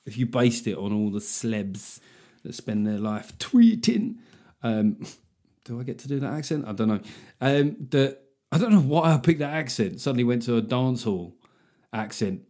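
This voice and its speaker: A man's voice: mid-range voice, darkish tone. A middle-aged man hosting a solo comedic podcast, sardonic and sweary, acting out mock exchanges as he talks. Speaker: podcast host.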